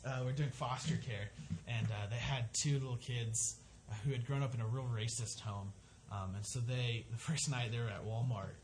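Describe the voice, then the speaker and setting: Working through a scripture passage, a pastor speaks earnestly and conversationally, frequently starting his sentences over. His voice is mid-range, and a slight hiss or hum sits underneath it.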